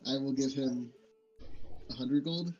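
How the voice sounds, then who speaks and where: A man's voice: mid-range voice, a little slow, a little mellow, highs cut off, soft background music. A man playing a tabletop game who talks bluntly and sarcastically, swearing as he goes. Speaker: player.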